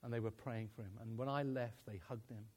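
A man's voice: medium pitch, fairly even intonation, fairly quick, a little mellow. A man preaching a sermon, telling stories with acted-out dialogue and laughing often as he speaks. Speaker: pastor.

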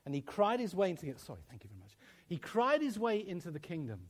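Lively preacher telling a story. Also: male voice, high voice, fast. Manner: storytelling with acted dialogue, laughing often. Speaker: pastor. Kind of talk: sermon.

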